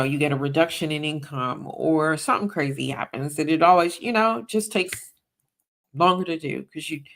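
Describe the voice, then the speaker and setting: A woman with a low, gravelly voice hosts a faith-based money podcast. As a Christian finance teacher, she teaches in an emphatic, preaching style and keeps checking in with her audience by asking "right?"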